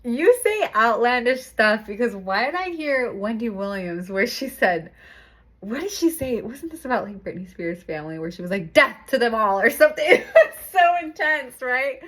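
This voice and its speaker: A woman's voice: on the high side, very animated, normal speed, fairly bright tone. A young woman giving a casual tarot reading to camera, chatty and laughing often, swearing casually. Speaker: tarot reader.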